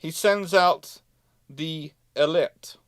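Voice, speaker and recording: A man's voice: a little high, drawn-out words, fairly bright tone, dry recording, clean studio sound. Chatty man giving a livestream history lecture. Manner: conversational, with fillers and self-corrections. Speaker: naval history lecturer and channel host.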